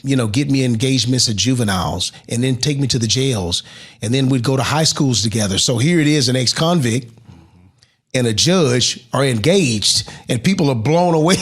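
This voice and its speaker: A middle-aged man recounts his story as an interview guest. His voice is husky, his pitch sits in an ordinary middle range, and he swings from excited rises to near-whispered moments. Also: normal speed. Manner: animated storyteller who drops to a hush at emotional moments. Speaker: interview guest, motivational speaker.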